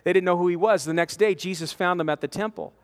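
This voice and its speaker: A man in his forties preaching a conversational sermon to a men's conference, animated, acting out quotes and repeating words as he presses his points. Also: high-pitched, fast. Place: large conference hall. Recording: long hall reverb from a conference.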